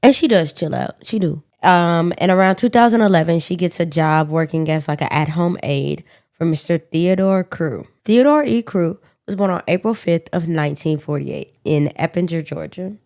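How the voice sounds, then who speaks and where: A woman's voice: on the low side, moderate pace, darkish tone. A woman co-hosting a podcast, telling a true-crime story in a casual, slangy, profane way with joking asides. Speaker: podcast co-host.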